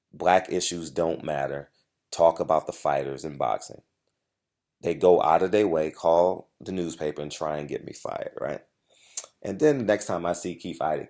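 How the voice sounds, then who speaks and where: A man with a deep, low-pitched voice speaks straight to his audience in a heated monologue. He drives each point home by repeating it and cuts in with short asides to his viewers. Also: moderate pace, a little mellow. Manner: emphatic, repetitive, confrontational storytelling. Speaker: boxing journalist and channel host. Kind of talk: direct-to-camera monologue.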